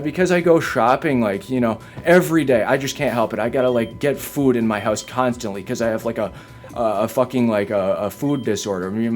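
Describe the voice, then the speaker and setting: Upset and streaming a video game from home by a window, a man vents defensively, swearing hard and filling gaps with "like." His voice is mid-range, with slight background noise behind it.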